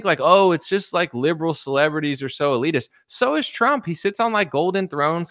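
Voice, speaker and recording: A man rants in sarcastic, mocking commentary and swears freely. His voice is bright and forceful and sits a little high. It is recorded close and dry. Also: no room sound. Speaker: online commentator. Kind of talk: ranting commentary.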